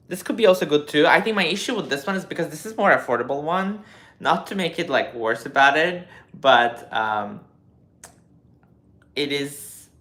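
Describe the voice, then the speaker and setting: A man in his twenties on a casual live stream, reading viewer comments and answering them in an animated, lecturing way with lots of fillers. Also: a little high. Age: 20s.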